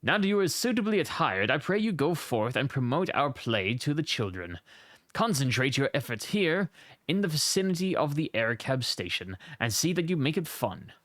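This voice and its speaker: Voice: mid-range voice, sing-song, normal speed, fairly bright tone, no room sound, studio quality. A streamer reading out a pompous, theatrical male play director in a grandly formal way.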